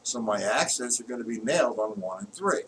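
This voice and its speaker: A man teaching drums in a live-streamed lesson, explaining patterns patiently and counting beats aloud loudly while he plays. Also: medium pitch, expressive, a little fast, a little hiss or hum. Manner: explains patiently, checks if students follow. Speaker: drum teacher. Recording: distant mic with loud drumming.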